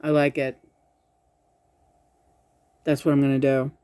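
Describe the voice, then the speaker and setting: Profane, quick-tempered woman reader. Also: extremely low pitch, little pitch movement, mellow, smooth. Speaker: psychic reader. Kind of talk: casual reading vlog.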